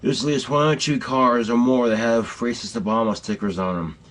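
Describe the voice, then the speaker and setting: A man's voice: medium pitch, fairly even intonation, moderate pace, a bit bright. A man ranting bluntly and profanely in a casual, rambling vlog.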